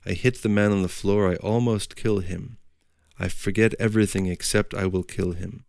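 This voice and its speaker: A man voicing a gentle young Italian emigrant, roused. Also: on the low side, steady tone, normal speed, gravelly, no echo, clean studio sound. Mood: agitated. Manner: simple broken English, insistent and repetitive.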